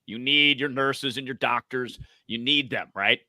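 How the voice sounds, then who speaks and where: A former radio man talks through phone-call tips in an easy conversational way. His voice is bright and forceful, recorded dry with no room sound. He lets his pitch rise and fall for emphasis. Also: a little slow, no room sound. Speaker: podcast guest, voice coach. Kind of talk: conversational advice.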